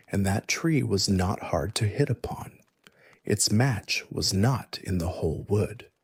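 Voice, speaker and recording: A man narrating a folktale in soft ASMR storytelling, hushed and soothing. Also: fairly low pitch, slightly rough, dry recording. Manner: slow, hushed, soothing delivery.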